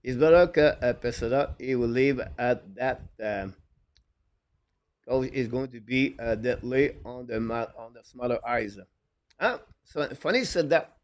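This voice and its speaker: A man hosting a live hockey stream, reading viewer comments in broken English with constant "uh" fillers. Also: mid-range voice. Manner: halting, full of "uh" fillers; broken, non-native English phrasing. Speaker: live show host.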